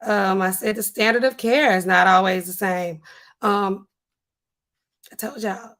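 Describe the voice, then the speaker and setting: A woman's voice: medium pitch, fairly even intonation, unhurried, a bit bright. American woman, livestream host, chatty, talks straight to viewers, casual. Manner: chatty, addresses viewers directly.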